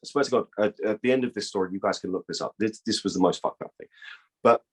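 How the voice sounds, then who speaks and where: Young guy telling a creepy story, cussing a lot, fairly low voice, doing the voices of people in it. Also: fast talker, slightly rough. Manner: profane, animated, acts out quoted dialogue. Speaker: guest. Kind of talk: casual storytelling.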